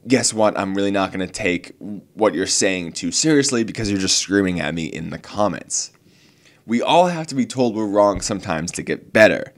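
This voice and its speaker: A young man speaks casually to his viewers with a notably deep, low-pitched voice. He rambles, restarts sentences and leans on fillers, sounding earnest and a little exasperated. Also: expressive, normal speed. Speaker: card game channel host. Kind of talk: casual talk to camera.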